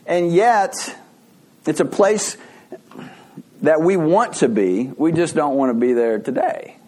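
A man's voice: on the high side, darkish tone. Conversational middle-aged male pastor. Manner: conversational storytelling with repeated restarts. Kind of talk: sermon.

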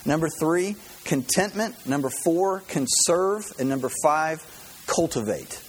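A man's voice: fairly high pitch, animated, unhurried, husky. A man giving a conversational sermon to a congregation, acting out the voices of the people he quotes. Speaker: pastor.

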